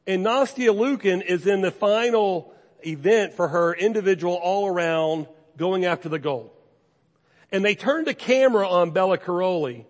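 A man preaching a sermon as pastor, speaking earnestly and conversationally, repeating key phrases to urge his listeners on. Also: fairly high pitch. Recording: long reverb from a large hall.

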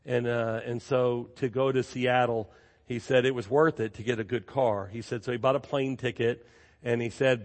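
A man preaching a sermon as pastor, telling stories in a lively way and repeating phrases for emphasis. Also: medium pitch, normal speed. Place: church sanctuary. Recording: long reverb of a large church.

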